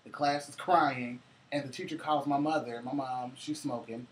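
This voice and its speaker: A man's voice: mid-range voice, steady tone, moderate pace. A man co-hosting a casual chat, telling loose, profane holiday stories with frequent laughter. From Cincinnati, US. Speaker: co-host.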